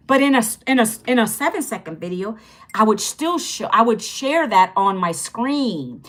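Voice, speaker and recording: A woman's voice: fairly high pitch, lively intonation, normal speed, a bit bright. A woman in her fifties hosting a casual livestream, chatty and upbeat, greeting viewers and repeating phrases as she teaches. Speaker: livestream host teaching online income.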